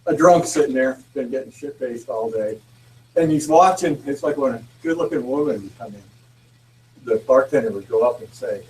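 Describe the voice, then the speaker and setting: A man's voice: medium pitch, moderate pace, recorded from a distance. A man from the audience telling a joke, acting out the voices. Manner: animated, acts out voices in the joke. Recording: roomy, off-mic with faint hum.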